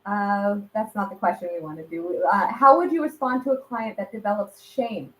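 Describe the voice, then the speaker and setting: A woman's voice: mid-range voice, moderate pace, fairly bright tone, reverberant, rough recording. A woman hosting an interview as a magazine editor, friendly, with small hesitations as she moves to the next question.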